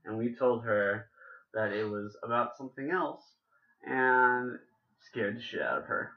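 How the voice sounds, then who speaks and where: A man's voice: mid-range voice, measured pace, highs cut off. A man hosting a casual podcast chat, rambling and joking with lots of fillers and restarts. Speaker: podcast host.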